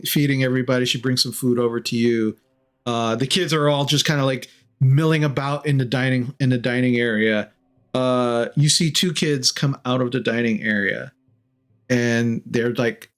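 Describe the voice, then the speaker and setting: A man narrating as game master of a tabletop game, rambling and using lots of fillers. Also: mid-range voice. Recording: faint music behind.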